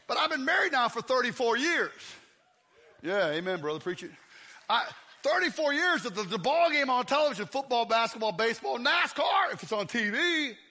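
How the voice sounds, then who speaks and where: A man's voice: very high-pitched, very animated, moderate pace, sharp tone. A man in his fifties preaching a sermon in a church, telling comic stories and acting out scenes. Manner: comic storytelling, acts out scenes. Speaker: pastor.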